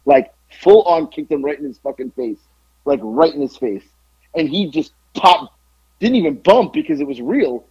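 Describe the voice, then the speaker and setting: A man spins a story in casual podcast talk with a lively, swooping pitch and a husky, mellow tone. He swears freely and jumps into raised voices to act out quotes. The sound is dry and a bit muffled. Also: normal speed, no echo. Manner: animated, profane, acts out quotes in raised voice. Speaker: podcast guest, former pro wrestler.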